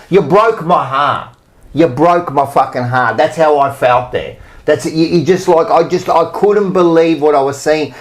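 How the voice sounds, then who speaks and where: An Australian man co-hosting a podcast, ranting emphatically with swearing and rambling asides. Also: fairly high pitch. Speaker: podcast co-host. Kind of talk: heated casual rant.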